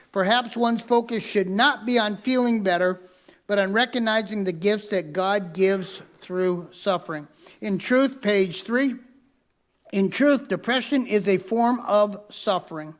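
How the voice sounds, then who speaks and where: A man's voice: high-pitched, unhurried. A man preaching a sermon as pastor, mixing a personal story with teaching, repeating key lines for emphasis and telling listeners to mark their notes. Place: church sanctuary.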